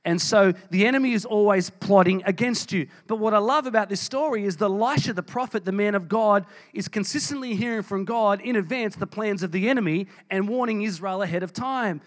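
Male pastor, high-pitched, emphatic sermon delivery. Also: fairly quick, hardly any pauses. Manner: emphatic preaching, reading scripture aloud with dramatic voices.

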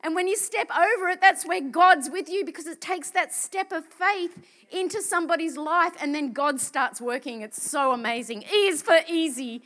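A woman evangelist giving an animated, emphatic sermon testimony. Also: very high-pitched, normal speed, hardly any pauses.

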